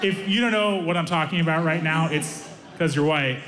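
A man telling an animated story on stage as a stand-up comedian. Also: a little high, normal speed, heavy background noise. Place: comedy club stage with a live audience. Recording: echoey room with crowd laughter. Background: audience laughing.

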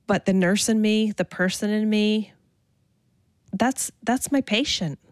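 A woman's voice: mid-range voice, a little slow, dry recording, studio quality. A woman nurse speaking bluntly and emphatically in an interview. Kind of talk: interview recollection.

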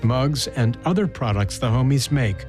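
A man's voice: medium pitch, lively intonation, moderate pace, over music. Thoughtful male radio host. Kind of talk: interview and scripted narration.

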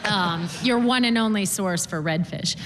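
A woman's voice: medium pitch, in a large hall, background noise. A woman guest on a live radio stage, answering with many fillers and restarts. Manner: halting with many fillers, laughing. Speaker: fish farm founder and guest. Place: stage of a performing arts center.

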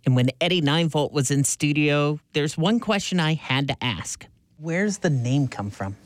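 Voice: mid-range voice, animated, moderate pace, no room sound. A radio host in a studio, asking questions and teasingly prodding a guest. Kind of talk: radio interview.

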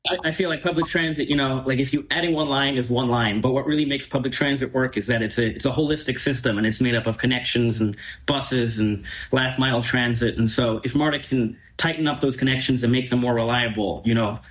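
A man's voice: medium pitch, brisk, hardly any pauses, fairly bright tone, rough recording. A young man as a radio interview guest, talking eagerly with frequent fillers. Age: young adult.

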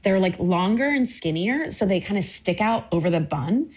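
A woman's voice: mid-range voice, animated, normal speed. A woman talking about her cookbook in a casual interview, enthusiastic and rambling with lots of fillers. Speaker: cookbook author guest.

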